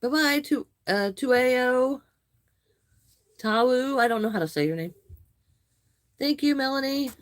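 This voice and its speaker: A woman hosting a live crochet stream, chatting with viewers, greeting and thanking them by name, with some halting restarts. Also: high voice, animated, no room sound, studio quality. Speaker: livestream host.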